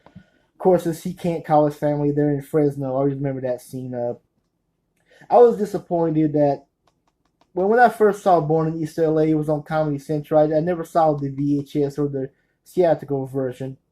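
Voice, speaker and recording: A man with a mellow, darkish voice chats about his film collection. His talk is nervous and meandering, full of restarts and quick corrections as he searches for the right word. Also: fairly high pitch, fairly even intonation, poor audio. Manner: nervous, rambling, often correcting himself. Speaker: movie collector reviewing his films. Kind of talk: casual spoken review.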